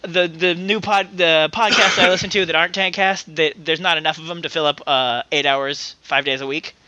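A man's voice: fairly high pitch, steady tone, normal speed, pushed and bright, highs cut off. A man co-hosting a podcast in casual chat, rambling and laughing often. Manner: chatty, laughs often, trails off and restarts. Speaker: podcast co-host.

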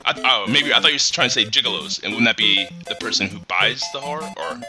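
A man's voice: on the low side, fast talker, over music. A man co-hosting a comedy podcast, teasing and laughing as he reads out jokes. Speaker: podcast co-host.

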